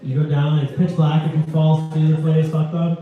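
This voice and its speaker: A man's voice: fairly high pitch, level tone, normal speed, dull audio, soft background music. A young man doing crude, provocative stand-up and teasing the audience at a small comedy venue. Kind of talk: stand-up crowd work. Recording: echoey club from a distance with crowd.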